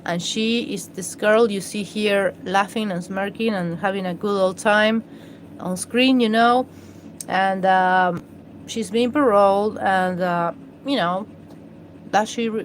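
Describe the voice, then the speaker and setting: Slow, halting woman live-streaming. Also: mid-range voice, fairly even intonation, a little hiss or hum, poor audio. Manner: hesitant, halting, many fillers and restarts. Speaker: livestream host. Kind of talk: rambling live-stream chat.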